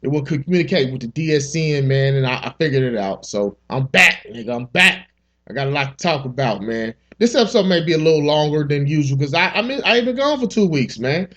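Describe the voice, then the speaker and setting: A man's voice: fairly high pitch, animated, fast, few pauses, highs cut off. Rambling profane man hosting a comedy podcast. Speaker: podcast host. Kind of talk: comic podcast monologue.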